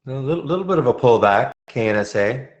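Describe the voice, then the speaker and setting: A man's voice: mid-range voice, lively intonation, fast talker, muffled recording. A man hosting a live trading room, commenting on stock charts in a casual, thinking-aloud way with frequent restarts.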